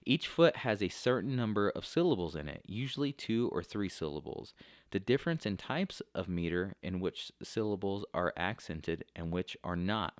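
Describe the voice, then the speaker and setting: A man with a very low, expressive voice teaches a class in a recorded lecture, explaining things step by step. He often pauses on fillers like "uh" and "um," and the sound is dry and close with no room echo.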